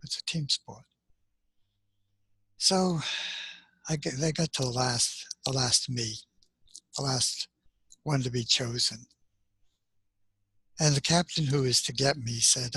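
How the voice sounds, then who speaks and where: An older man gently telling a personal story from his childhood, unhurried and pausing often, as if on a video call. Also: mid-range voice, slightly rough, no room sound. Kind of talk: personal story, reflective monologue. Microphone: webcam on a video call.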